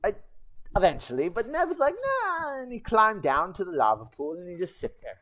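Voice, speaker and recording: A woman's voice: lowish voice, huge pitch swings, a little fast, fairly bright tone. A woman streamer telling a goblin legend in rambling, broken goblin-style grammar, with chatty asides. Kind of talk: casual livestream storytelling.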